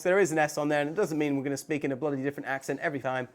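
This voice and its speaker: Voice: mid-range voice, rapid-fire, few pauses. A podcast co-host bantering and joking through a rambling sign-off. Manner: playful, rambling, jokey sign-off. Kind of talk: comedic podcast banter, put-on English accent.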